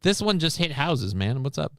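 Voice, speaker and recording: A man's voice: on the high side, very animated, moderate pace, fairly bright tone, dry recording, studio quality. A man hosting a livestream, reacting to news clips in blunt, sarcastic casual commentary, swearing often. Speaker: livestream host.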